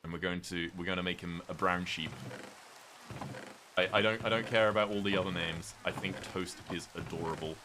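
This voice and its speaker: A British man with a notably deep voice, talking casually and meandering as he plays a game. He reads viewer messages out loud and chats back in a relaxed way. Faint rain noise sits under his voice. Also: a little fast. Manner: rambling, chatty, reads viewer messages aloud. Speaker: streamer. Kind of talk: casual gameplay chat.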